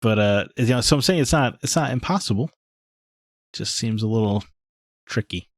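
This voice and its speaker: A man with a fairly low voice co-hosts a gaming podcast. He talks casually and often restarts his sentences. His voice sounds dry and close. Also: lively intonation, normal speed, dry recording. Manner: conversational, with frequent restarts. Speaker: podcast co-host.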